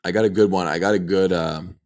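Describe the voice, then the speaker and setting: A young man in his mid-twenties with a very low, deep voice tells a story on a casual podcast. He acts out the dialogue as he goes, and the story runs long. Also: fast talker. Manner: animated anecdote-telling, acts out quoted dialogue. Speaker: podcast co-host.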